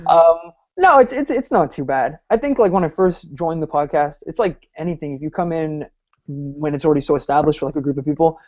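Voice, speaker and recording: Rambling, higher-voiced man from Ireland. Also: brisk, darkish tone, highs cut off. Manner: rambling and self-deprecating, with many fillers. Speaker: podcast guest. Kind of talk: casual podcast chat.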